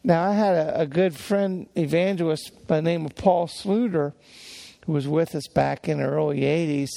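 A man's voice: fairly high pitch, normal speed, creaky, dark tone. An older man preaching in a folksy storytelling way, with many restarts and fillers. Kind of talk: sermon-style teaching.

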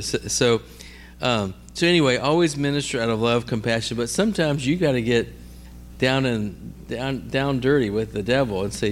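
A man's voice: medium pitch, moderate pace, slight background noise. A man preaching conversationally, telling stories and checking in with his listeners with "all right?" and "amen?". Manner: repeats and restarts words while telling stories. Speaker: preacher teaching on healing ministry. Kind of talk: conversational sermon with storytelling.

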